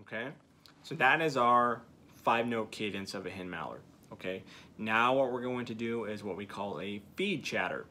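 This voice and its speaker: Bright-voiced man coaching duck calling. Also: fairly low pitch, moderate pace. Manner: patient step-by-step coaching, frequent "okay" check-ins. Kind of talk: hands-on teaching demonstration.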